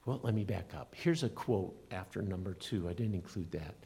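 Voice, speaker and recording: A man's voice: deep voice, normal speed, creaky, mellow, breathy edge. A middle-aged man preaching a sermon as a pastor, earnest and emphatic, swinging his voice up and down for emphasis. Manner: earnest, emphatic preaching with rising and falling delivery.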